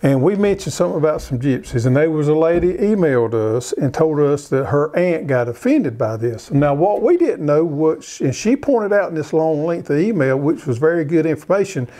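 A man with a Southern US accent, talking in a teasing yet earnest, homespun manner as co-host. His voice sits a bit high but sounds warm and mellow. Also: lively intonation, moderate pace, few pauses. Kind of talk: casual chat.

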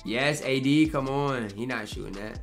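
A man's voice: medium pitch, moderate pace, faint music behind. A young man commentating his own basketball video game match, ranting in frustration and talking to himself between plays. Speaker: gaming YouTuber. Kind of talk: live gameplay commentary.

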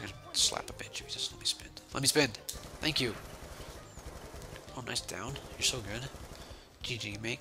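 A young man giving casual, joking commentary while playing a zombie video game, sarcastic and swinging between mumbled asides and sudden yells. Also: medium pitch. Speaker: gaming channel host.

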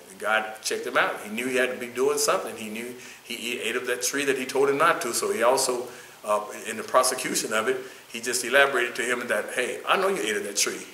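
A man leads a church Bible study with a bright, forward voice. He reads from his notes and then drifts into loose talk with a few restarts. The church room sounds echoey. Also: mid-range voice, slight background noise.

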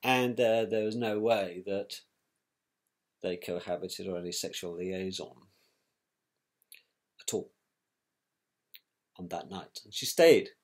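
A man's voice: deep voice, slow, pauses often. A man recounting events about his brother, in a scornful, colloquial storytelling manner. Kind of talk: personal storytelling.

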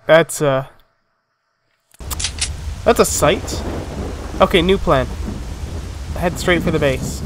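A man casually commenting on his own gameplay, joking, swearing and reacting out loud as he plays. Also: fairly high pitch, takes it slowly, long pauses, slight background noise. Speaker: let's play gamer.

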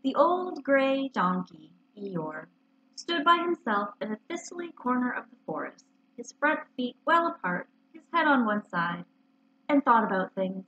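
A woman, a librarian, reading a children's story aloud in an expressive storytelling way, on a muffled lo-fi recording. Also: fairly high pitch, breathy edge.

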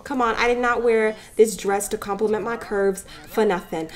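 A woman's voice: mid-range voice, steady tone, normal speed. A woman giving casual, playful commentary over a life-sim game. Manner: chatty, playful, voices the characters' chatter. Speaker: let's play gamer.

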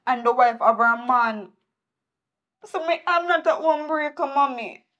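Young woman acting as an ashamed Jamaican daughter, pleading, high voice. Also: a little slow, a bit bright, muffled recording. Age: young adult. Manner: pleading, defensive.

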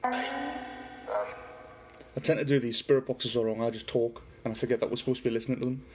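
A man's voice: medium pitch, expressive, moderate pace, a little hiss or hum. Geordie man hosting a livestream. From Newcastle, northeast England. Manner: chatty, reads viewer comments aloud, talks to a spirit box. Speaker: paranormal livestream host. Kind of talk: casual livestream chat.

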